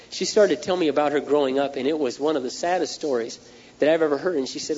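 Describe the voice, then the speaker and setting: A man's voice: on the high side, fast talker, darkish tone. A man preaching a sermon, earnest and repetitive, telling stories to drive his point home. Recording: dull lo-fi recording with long hall reverb.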